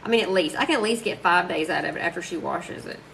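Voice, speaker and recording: A woman's voice: fairly low pitch, creaky, a bit bright, a little hiss or hum, low-quality recording. A woman chatting casually and gushing to viewers while crafting on a live stream. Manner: chatty, gushing, quick to laugh.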